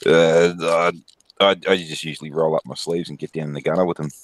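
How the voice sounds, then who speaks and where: Australian man, low voice, dry close sound; crude jokey chat banter. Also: fairly even intonation, brisk, no echo. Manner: crude, joking, puts on silly voices.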